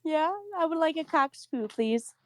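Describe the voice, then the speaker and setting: A woman's voice: high voice, unhurried, darkish tone, dry recording. A woman joking and playfully pleading in casual chat with a friend.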